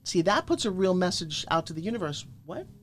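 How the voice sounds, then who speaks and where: A middle-aged woman from Florida, a guest pitch coach telling motivational stories emphatically and acting out quoted lines. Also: brisk, a little hiss or hum. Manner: emphatic, animated, acts out quotes. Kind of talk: energetic motivational storytelling.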